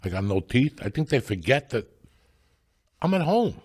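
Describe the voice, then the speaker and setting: A man in his sixties with a raspy, gravelly voice, telling profane rambling stories as a podcast host. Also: medium pitch, sing-song, moderate pace, darkish tone. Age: 60s. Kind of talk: casual storytelling chat.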